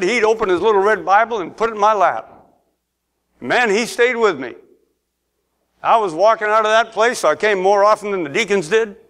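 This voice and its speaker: Middle-aged guy preaching in church, pretty high voice, keeps asking amen and building up loud. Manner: preaching, calls for amens, rises to emphatic peaks. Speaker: pastor. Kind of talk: sermon. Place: church sanctuary.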